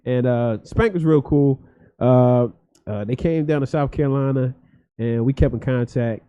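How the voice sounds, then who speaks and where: A man's voice: medium pitch, moderate pace, mellow, clean tone. A man from Philadelphia, a guest comedian, telling stories in a loose, profane, rambling way full of fillers. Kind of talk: casual storytelling chat. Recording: dull lo-fi podcast audio.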